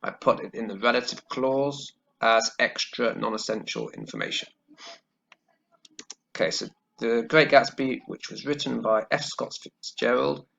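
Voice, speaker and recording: A male English teacher walks through a grammar lesson at an unhurried pace, checking in with "okay" after almost every step. His voice has a gravelly, creaky edge. The recording is dull and lo-fi, with keyboard typing and clicking behind him. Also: mid-range voice, lively intonation, a bit bright. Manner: slow, careful explaining with frequent "okay" checks. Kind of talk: grammar lesson while writing on screen.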